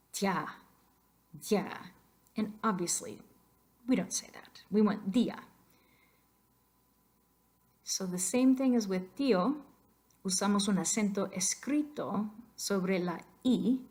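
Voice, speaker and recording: A woman teacher talks over a slideshow at a middle pitch, playful and emphatic, and dares the listener to try the sounds. She moves easily between English and Spanish and repeats key words slowly. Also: a little mellow. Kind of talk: narrated slideshow lesson. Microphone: voice-over on a computer mic.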